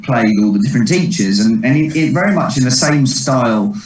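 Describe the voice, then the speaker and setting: A man, a comedian telling rambling stories in a relaxed interview, quick to laugh. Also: medium pitch, crowd noise. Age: 30s. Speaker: comedian and impressionist guest. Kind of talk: casual interview chat. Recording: echoey distant mic.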